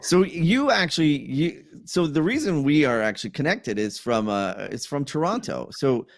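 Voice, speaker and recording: A man's voice: fairly high pitch, big pitch swings, normal speed, no room sound, studio quality. A man hosting a casual video-call chat, asking questions and chiming in with short replies. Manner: eager interviewer, lots of short backchannels. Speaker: host.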